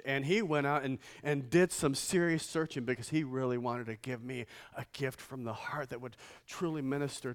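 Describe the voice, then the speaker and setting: A middle-aged man, a pastor, preaching a sermon with funny stories and loud, emphatic swells on key lines. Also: mid-range voice, smooth.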